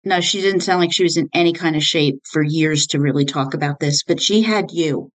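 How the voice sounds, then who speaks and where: A woman hosting a podcast interview, engaged and reacting with quick interjections. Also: low voice, no echo, rough recording. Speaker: podcast host. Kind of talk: conversational interview.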